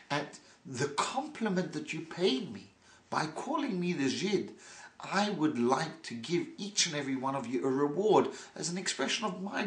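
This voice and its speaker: A man's voice: on the high side, echoey room, voice pushed up. A man playing a proud, overly gracious old-world Jew. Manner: exaggerated politeness, warm and grateful. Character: proud, gracious Jewish man facing taunts.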